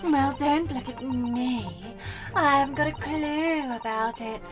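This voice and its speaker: A woman streamer voicing a brash, cheeky young female street vendor in a squeaky, loud voice. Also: takes it slowly, over music. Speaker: game streamer. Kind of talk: reading game dialogue aloud.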